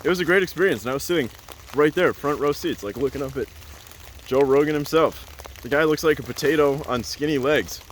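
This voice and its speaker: A man's voice: on the high side, brisk, slight background noise. A man telling a casual, rambling story as a vlogger, full of "like" and "uh" and laughing often.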